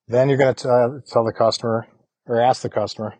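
A man's voice: medium pitch, flat delivery, fast, a little mellow, dry recording. A man casually coaching service technicians, rambling and often tossing in "you know" and "right?". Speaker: podcast host coaching HVAC technicians. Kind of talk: casual instructional talk.

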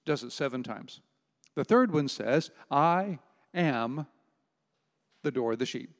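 An older man preaching a sermon as pastor, emphatic and slowing down to stress key words. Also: mid-range voice, expressive, vocal fry. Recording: long hall reverb.

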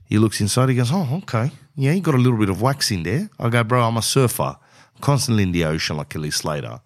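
A man's voice: medium pitch, very animated, quick pace. A middle-aged man tells a rambling comic story in a casual, loose way. He drifts off on tangents and acts out the other people in the tale, throwing in "bro" all the time. His voice sits in an ordinary middle range for a man. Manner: rambling, says "bro" often, acts out both sides of dialogue. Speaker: comedian.

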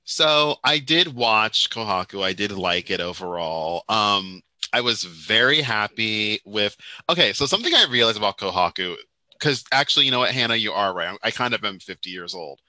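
A man's voice: on the low side, normal speed, dry recording, low-quality recording. A man co-hosting a podcast, chatting casually in a teasing, rambling way. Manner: animated, teasing, rambling with fillers. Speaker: podcast co-host. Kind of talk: casual chat.

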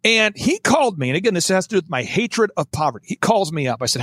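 High-voiced, lively, emphatic man. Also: breathy edge, dry recording. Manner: emphatic, repetitive, fast-driving. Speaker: guest. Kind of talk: energetic talk-show conversation.

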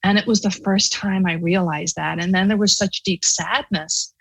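A middle-aged woman from Ireland with an Irish accent, a podcast guest telling her personal story in an earnest, animated way. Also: mid-range voice, moderate pace, vocal fry, breathy edge, rough recording.

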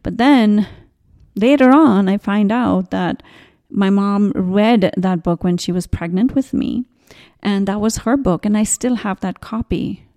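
A woman in her forties hosts a spiritual podcast in a gentle, rambling way. She drifts into side stories and restarts her sentences. Her voice is mellow and sits at a middle pitch. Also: a little slow. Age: 40s. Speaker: podcast host. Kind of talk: casual spiritual podcast talk.

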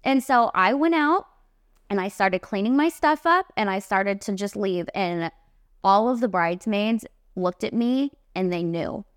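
Animated young woman telling a story. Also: medium pitch, smooth, dry recording, clean studio sound. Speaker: podcast host, makeup artist. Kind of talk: casual storytelling.

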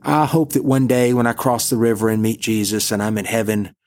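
A man's voice: lowish voice, brisk. A middle-aged man, a priest giving a podcast Bible teaching in a conversational storytelling manner. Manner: conversational storytelling, relaxed asides.

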